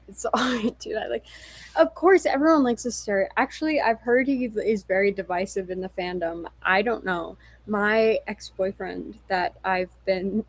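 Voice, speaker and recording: A woman's voice: medium pitch, no echo, rough recording. A young woman chatting on a livestream, a little tipsy, giggly and apologetic, swearing casually as she reads comments. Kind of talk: casual livestream chat reading viewer comments.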